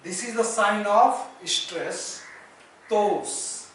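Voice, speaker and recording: A man with an Indian English accent teaching a slow, deliberate lesson on poetry. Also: high-pitched, a bit bright, recorded from a distance, slight background noise. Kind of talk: lecture on poetry. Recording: echoey room, voice off-mic.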